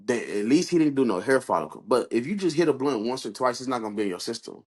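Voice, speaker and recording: A man's voice: medium pitch, lively intonation, fast, a little mellow, breathy edge. A young man co-hosting a podcast, telling stories in loose, profane slang. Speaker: podcast co-host. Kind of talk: casual chat.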